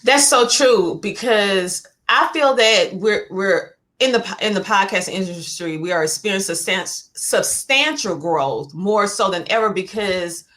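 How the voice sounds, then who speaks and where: Bright-voiced Southern woman host. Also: medium pitch. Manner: lively, expressive, playful. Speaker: podcast host. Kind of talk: conversational interview.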